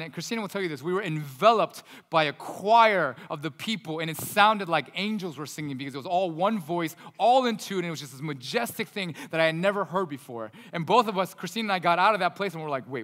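A man preaching a sermon as a pastor, telling stories and swelling loud before dropping to a hushed voice. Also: high voice, lively intonation, fast, hardly any pauses. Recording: long hall reverb.

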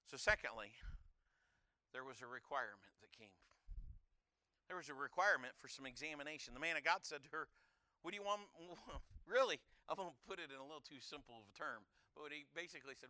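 A man's voice: on the high side, animated, fairly quick, pauses often, sharp tone, dry recording. A man preaching a sermon, emphatic, repeating phrases and restarting as he builds his points.

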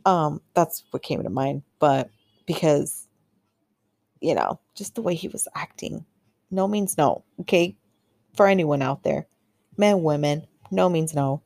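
A woman's voice: low-pitched, unhurried, vocal fry, darkish tone, dry recording. A woman hosting a podcast, telling a personal story in a candid, chatty way full of fillers and acted-out quotes. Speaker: podcast host. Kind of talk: casual storytelling monologue.

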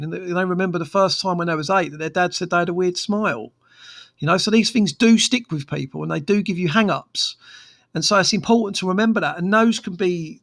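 A man's voice: sits high, gravelly, fairly bright tone. A man, a therapist talking frankly on his own podcast with many fillers and restarts. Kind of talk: casual solo podcast monologue.

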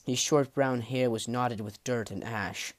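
A man narrating a fantasy audiobook in a measured, dramatic way, dropping low at the ends of phrases. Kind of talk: storybook narration.

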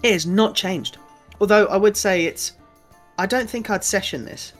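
A man's voice: sits high, normal speed, a bit bright, soft background music. A young British man co-hosting a podcast, rambling casually, swearing and laughing as he talks. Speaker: podcast co-host. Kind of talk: casual chat.

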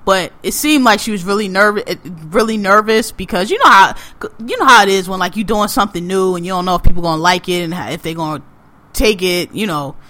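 A man co-hosting a podcast, talking in an animated, profane, ranting way. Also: high voice, a little fast. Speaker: podcast co-host. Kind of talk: casual podcast chat.

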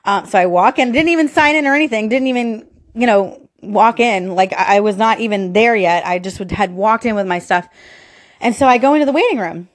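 A woman in her thirties recounts a painful personal memory in a casual, unscripted way. She voices the people she quotes. Her pitch leaps sharply upward when the feeling overwhelms her. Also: fairly quick. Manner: emotional, quoting herself and others, rising to near screams. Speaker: storyteller. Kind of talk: personal storytelling.

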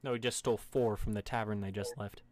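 A man's voice: lowish voice, fairly even intonation, fast talker, a little hiss or hum. A man in casual chat, telling stories animatedly, swearing freely and acting out quoted characters.

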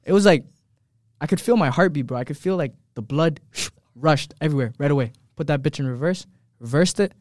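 A young man telling stories in a casual group chat, animated, slangy and profane. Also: on the high side, fairly quick, dry recording, studio quality.

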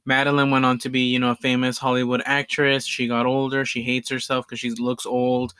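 A man's voice: medium pitch, completely flat delivery, a little fast, pushed and bright, smooth, dry recording. A man in casual conversation about a film, talking in an easygoing, slightly rambling way. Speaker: podcast co-host.

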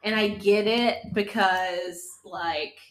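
A woman's voice: medium pitch, steady tone, slow pace, fairly bright tone. A woman co-hosting a book podcast, chatting casually, swearing now and then and acting out characters. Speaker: podcast co-host.

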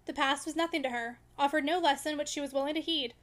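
High-voiced, quick woman reading a classic novel. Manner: expressive, measured reading. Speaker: audiobook reader. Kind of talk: scripted narration of a classic novel.

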